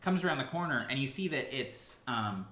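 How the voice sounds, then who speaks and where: A man's voice: medium pitch, expressive, normal speed, sharp tone. Man narrating a tabletop game in an echoey room. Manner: loose, hesitant narration with many fillers. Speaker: game master. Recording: echoey room with faint hiss.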